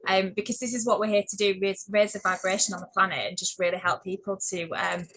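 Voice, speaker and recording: A woman's voice: mid-range voice, fairly even intonation, fast, low-quality recording. A woman hosting a casual chat, speaking affectionately about spiritual matters. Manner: warm-spoken, affectionate, spiritual talk. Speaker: host.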